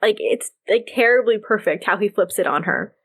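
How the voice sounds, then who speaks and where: A young woman co-hosting a podcast in casual chat, animated and laughing often as she acts out what characters say. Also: mid-range voice, normal speed, gravelly, slightly rough. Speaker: podcast co-host.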